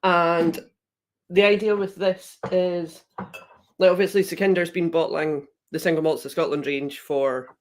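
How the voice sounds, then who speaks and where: A woman's voice: on the low side, fairly even intonation, a little slow. A woman who is a guest on a casual chat show, talking in a friendly, chatty way with lots of "like". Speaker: guest, whisky brand ambassador.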